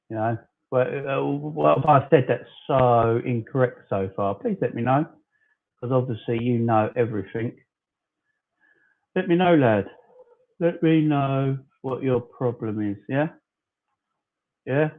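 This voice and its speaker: A man's voice: medium pitch, slow, pauses often. A man in his forties from southern England, hosting a casual fan livestream, chatting loosely and arguing back at commenters he calls "fella". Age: 40s. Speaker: fan channel host. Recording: tinny phone-like sound.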